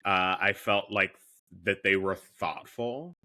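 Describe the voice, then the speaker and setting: Candid man in his fifties, bright voice. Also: sits low, slow pace. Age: 50s. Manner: candid, self-deprecating, with frequent restarts. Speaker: podcast co-host. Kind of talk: casual chat.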